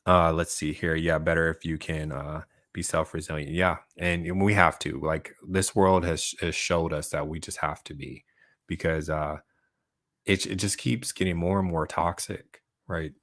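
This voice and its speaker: A man's voice: a bass voice, steady tone, normal speed, a bit bright, dry recording, studio quality. A man hosting his own channel, talking casually and at length to his viewers and reacting to their comments, often tagging on "right?" and laughing between points. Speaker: channel host. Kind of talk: casual livestream monologue answering viewer comments.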